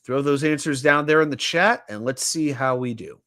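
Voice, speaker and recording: A man with a voice on the high side talks at normal speed while hosting a casual sports livestream. He's animated, running trivia, reading viewer chat aloud, and cracking jokes.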